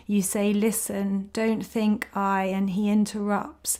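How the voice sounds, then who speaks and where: A woman performs a spoken-word piece in an even, unmoving monotone. Her delivery is slow and deliberate, and her voice has a dark, mellow tone. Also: medium pitch. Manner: flat, measured second-person recitation.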